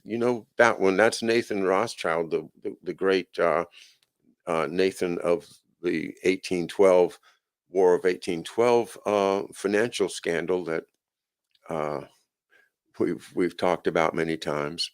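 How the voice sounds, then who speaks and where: A man with a low voice speaks slowly as he hosts a live chat show, reading the news aloud. He adds sardonic, chuckling asides and often says "uh" and restarts his sentences in this casual livestream commentary.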